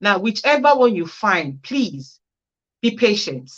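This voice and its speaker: This woman is a care worker hosting a casual livestream, where she reads out each viewer comment and responds with chatty, practical tips. Her medium-pitched voice moves slowly with big pitch swings, and the recording's highs are cut off.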